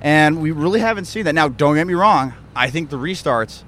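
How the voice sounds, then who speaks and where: A man's voice: on the high side, expressive, fairly quick, a bit bright. A young man talking as a podcast guest outdoors, eager and stumbling into restarts as he goes. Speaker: podcast guest, racing reporter. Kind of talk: casual chat. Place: outdoors at a racetrack.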